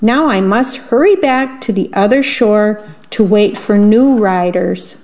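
A woman's voice: mid-range voice, unhurried, darkish tone, natural voice. A woman voicing a proud, rule-bound male mosquito who runs a tiny ferry, bossy and boastful, in a storybook read on the radio. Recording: dull lo-fi radio sound.

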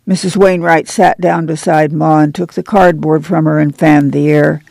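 Gravelly high-voiced man reading aloud. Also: level tone, normal speed, hardly any pauses, a little mellow, dry recording. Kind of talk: audiobook narration.

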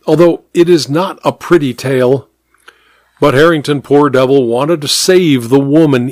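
A man narrating a mystery story in a measured, expressive reading. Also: mid-range voice, no echo, clean studio sound.

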